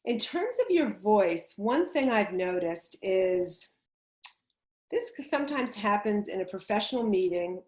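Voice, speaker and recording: A woman's voice: medium pitch, big pitch swings, measured pace, darkish tone. A woman public speaking coach giving chatty, emphatic advice on a video call, laughing easily as she explains. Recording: roomy echo on a video call.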